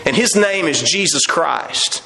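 A man's voice: a little high, lively intonation, a little slow, vocal fry, bright, forceful tone, echoey room. A man preaching a sermon with fervor, acting out voices and laughing now and then. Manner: fervent preaching, acts out quoted voices, laughs often.

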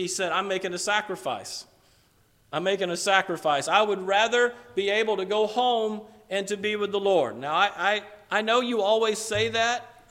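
A middle-aged man preaching a sermon, with slow emphatic stresses and repeated phrases. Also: high-pitched, a bit bright. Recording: long hall reverb.

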